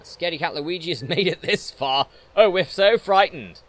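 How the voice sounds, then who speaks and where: A man voicing a group of mocking, spooky little cartoon ghosts, drawn-out and sinister. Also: on the high side, fairly bright tone, lightly acted.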